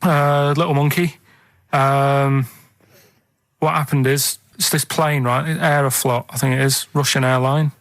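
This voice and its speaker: A man in his thirties with a Manchester accent, telling an odd news story on a radio show in a flat, unbothered way. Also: mid-range voice, a little slow, no echo. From England. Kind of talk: deadpan comic radio chat. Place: radio studio. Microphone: studio microphone.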